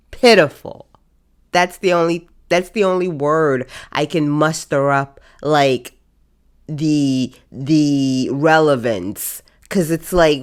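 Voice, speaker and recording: A woman's voice: sits low, clear, resonant tone. A woman hosting a casual podcast, giving an exasperated, emphatic rant with lots of repetition. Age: adult. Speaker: podcast host.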